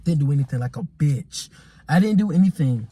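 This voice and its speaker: Young male vlogger, rambling storytime, repeats himself, slightly high voice. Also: lively intonation, fairly quick, warm tone, slightly rough. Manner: repetitive, rambling, exasperated; casual slang. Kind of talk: casual storytime monologue.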